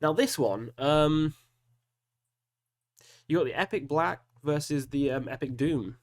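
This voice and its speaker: A man's voice: on the high side, unhurried. A man hosting a casual solo video, talking through music matchups and groaning over hard choices with self-mocking asides. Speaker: metal reaction host. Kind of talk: casual solo commentary while picking albums.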